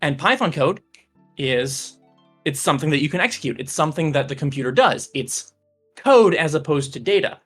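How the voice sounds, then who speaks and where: Brief: mid-pitched teacher on a voice call, patient and explanatory, fillers like "uh", music faint behind. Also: lively intonation, moderate pace, a bit bright, slightly rough. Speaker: computer science teacher. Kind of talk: casual explanation on a stream.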